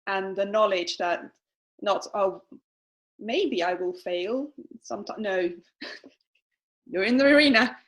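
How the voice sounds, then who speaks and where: A woman co-hosting a casual reflective chat, speaking emphatically and reassuringly, often repeating herself. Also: on the high side. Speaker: co-host.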